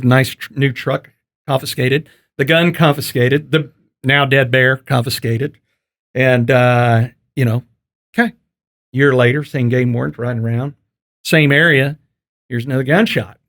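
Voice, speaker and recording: A man's voice: medium pitch, steady tone, unhurried, a bit bright. A man hosting a casual podcast interview, folksy and joking. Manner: folksy and joking, loose with fillers. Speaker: podcast host.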